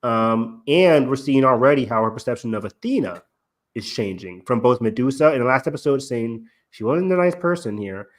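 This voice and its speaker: A young man co-hosting a casual review chat, rambling with lots of fillers and acting out lines he quotes. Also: mid-range voice. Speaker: podcast co-host.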